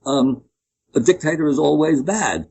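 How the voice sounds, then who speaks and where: Husky-voiced opinionated man. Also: a little high, animated, moderate pace, a little mellow, low-quality recording. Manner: opinionated, rambling with frequent restarts. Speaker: interview guest. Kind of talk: conversational interview.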